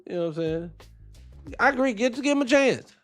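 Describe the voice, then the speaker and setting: A man's voice: very high voice, a little fast, faint music behind. A man hosting a wrestling podcast, giving blunt, profane opinions in casual commentary and answering his chat. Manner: animated, blunt, profane, talks back to chat.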